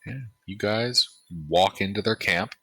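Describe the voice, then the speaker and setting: A man narrating as game master in a tabletop game, relaxed with frequent fillers. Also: on the low side, measured pace, dry recording, low-quality recording.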